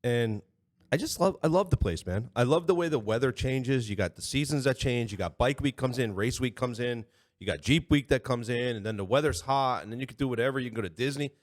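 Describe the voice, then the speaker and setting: A man from Connecticut co-hosting a relaxed podcast. He speaks very quickly in a middle-pitched voice, agreeing often and jumping in with his own stories. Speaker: podcast co-host. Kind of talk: casual chat.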